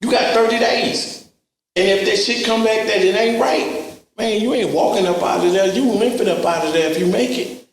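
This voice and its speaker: Gravelly man telling prison stories. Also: sits high, normal speed, slight background noise. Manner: animated, profane street storytelling, acts out voices. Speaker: interview guest. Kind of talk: casual storytelling interview. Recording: echoey room, mic at a distance.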